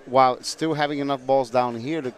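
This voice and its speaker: A man's voice: mid-range voice, steady tone, a little fast. A man sitting in as a guest commentator on a pool match, explaining strategy with analogies. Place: commentary booth at a billiards hall.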